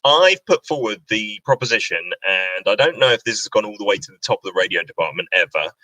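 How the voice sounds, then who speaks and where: A man's voice: fairly low pitch, animated, fairly quick, bright, forceful tone, no room sound, poor audio. A man hosting a casual livestream, chatty and reading out viewer questions. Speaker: radio host. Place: indoor home livestream.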